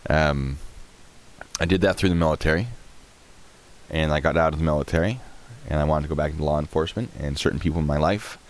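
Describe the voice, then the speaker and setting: A man's voice: a bass voice, quick pace, pauses often. A man in his thirties hosting a live stream, chatting casually and rambling while answering chat questions.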